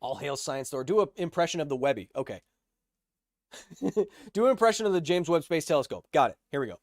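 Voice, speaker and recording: A man's voice: fairly high pitch, expressive, fast, dry recording, clean studio sound. A man hosting a livestream, explaining science casually and answering chat with jokes. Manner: explains science, reads chat aloud, jokey. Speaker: host.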